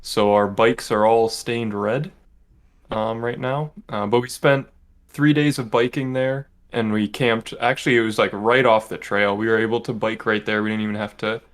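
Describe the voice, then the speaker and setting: A young man co-hosting a podcast, recounting a trip in a relaxed, matter-of-fact way. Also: on the low side, normal speed. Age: young adult. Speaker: podcast co-host. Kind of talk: casual chat.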